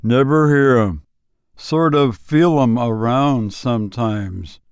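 A man voicing a lonely backwoods boy who speaks in slow, flat, matter-of-fact rural talk. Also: mid-range voice, smooth, no room sound, studio quality. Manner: slow drawling rural speech, flat and unbothered.

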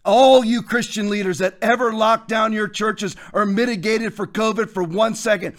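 A man hosting a show, preaching commentary in a forceful, hectoring way with repeated phrases. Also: high-pitched, fairly even intonation, brisk, few pauses. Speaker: host.

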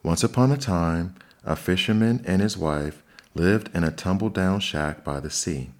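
A man reading fairy tales aloud in steady, measured storybook narration. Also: deep voice. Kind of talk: fairy tale read-aloud.

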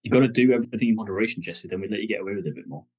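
A man with a low, husky voice chats casually on a podcast. He rambles a little and teases his co-hosts with a joking edge. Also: racing, darkish tone. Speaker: podcast co-host. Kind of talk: casual chat.

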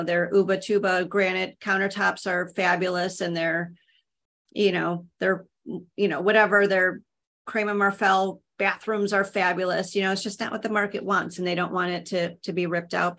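A woman's voice: fairly low pitch, a bit bright. A woman real estate agent talking casually, explaining the market with lots of "you know" fillers. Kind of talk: casual panel conversation.

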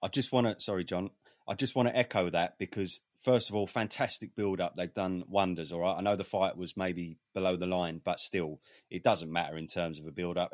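A man giving boxing opinions in a casual, animated chat, swearing freely. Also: sits low, dry recording, studio quality. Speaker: boxing pundit.

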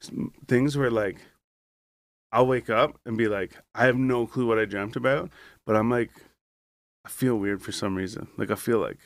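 A man's voice: medium pitch, steady tone, moderate pace, no echo, studio quality. A man in casual chat, telling a long rambling story with heavy swearing and constant filler words, acting out his own thoughts in quoted asides.

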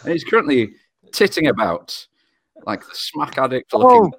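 A man's voice: on the high side, very animated, normal speed, gravelly, dry recording. A man co-hosting a podcast with wry, dry jokes. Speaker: podcast co-host. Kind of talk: casual chat.

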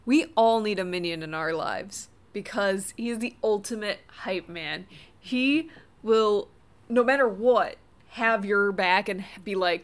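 A woman's voice: mid-range voice, unhurried. A woman co-hosting a casual movie podcast. She sounds cheerful and laughs easily as she trades opinions with her co-host. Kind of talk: casual movie review chat.

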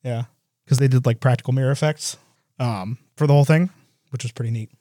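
A man in casual movie chat, animated, with quick asides and voices when he retells scenes. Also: medium pitch, no room sound, studio quality.

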